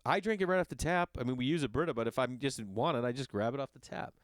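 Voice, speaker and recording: A man's voice: mid-range voice, fast, dry recording. Profane ranting man, dry close sound. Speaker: podcast host. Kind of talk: casual monologue. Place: Los Angeles.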